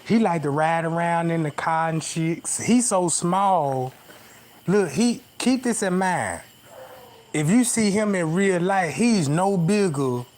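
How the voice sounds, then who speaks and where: High-voiced man telling a rambling comic story. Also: expressive, slow, a little mellow, slight background noise. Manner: rambling, slangy, keeps asking "you know what I'm talking about". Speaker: livestreamer. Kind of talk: casual comic storytelling to viewers. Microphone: phone camera.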